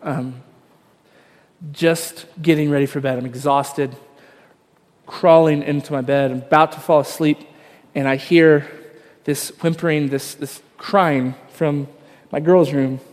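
A man's voice: a little high, fairly even intonation, measured pace, in a large hall. A man, probably in his thirties, preaching a sermon in a conversational, self-deprecating storytelling way with frequent fillers. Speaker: pastor.

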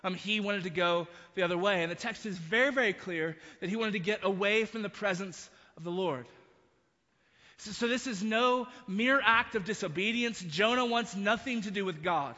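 A man's voice: high voice, moderate pace, bright, forceful tone, big-room sound, dull audio. A man preaching a sermon, retelling a story with frequent restarts and asides. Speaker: pastor.

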